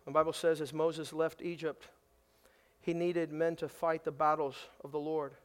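A male pastor preaching a sermon, emphatic, swinging between loud declarations and hushed, low passages. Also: flat delivery, normal speed, clean tone.

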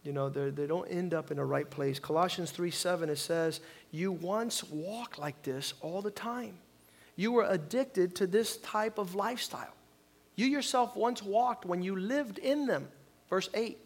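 A man preaching a sermon as pastor, calling on the congregation to repeat lines and swinging from quiet reflection to loud emphasis. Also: high voice, a little slow. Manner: preaching with call-and-response, swings from soft to loud.

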